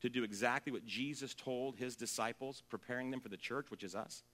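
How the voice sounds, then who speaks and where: A man's voice: mid-range voice, fairly quick. A man preaching a sermon, joking and singing snatches of a song, then turning earnest. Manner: humorous, jokes and sings off-key snippets; shifts between loud and quiet, earnest. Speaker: pastor.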